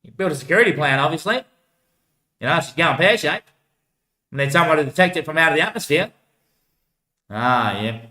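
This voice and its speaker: A man's voice: a little high, animated, brisk, long pauses, bright, forceful tone, roomy sound. A man rambling to himself, answering his own remarks and swearing freely.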